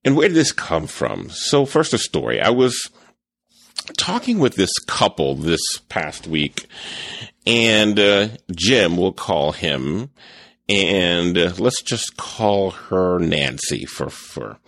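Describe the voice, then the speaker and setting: A man's voice: sits low, slow, gravelly, dry recording. A man hosting a podcast, talking casually and rambling with restarts and stutters, sometimes acting out what others said. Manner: animated, acts out quoted voices. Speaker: podcast host and photography teacher.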